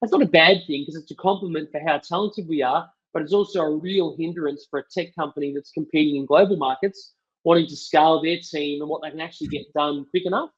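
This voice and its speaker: A man's voice: fairly high pitch, fast, slightly rough. A man, a podcast guest, telling his company's story in upbeat, casual chat. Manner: upbeat storytelling, filler-heavy. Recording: dull, lo-fi sound.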